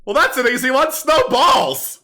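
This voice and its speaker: A man's voice: very high voice, very animated, a little slow, sharp tone, pitched above the performer's own voice, full character voice. A man voicing a sleazy male kobold comic who tells corny, crude jokes to a crowd. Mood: smarmy. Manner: brash, corny joke-telling to a crowd. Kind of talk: actual-play tabletop game.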